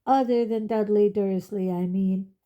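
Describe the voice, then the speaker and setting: A woman reading aloud, voicing a calm, pleasant old male wizard in a storybook reading. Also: medium pitch, dull audio, natural voice. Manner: pleasant, measured.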